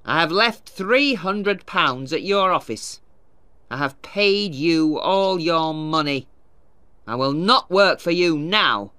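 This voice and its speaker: A woman voicing a proud, older father who shouts defiantly in a storybook reading. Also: sits low, expressive, takes it slowly, clean tone, no room sound, heavily acted. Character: proud, fiery older father, a mill owner.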